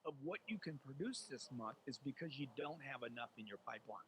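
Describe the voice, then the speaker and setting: A man speaking as a guest in an interview. He is emphatic and animated, acts out quoted voices, and calls the listener "dude.". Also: medium pitch, brisk, a little hiss or hum, rough recording. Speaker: sales author and guest. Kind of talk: animated motivational interview talk.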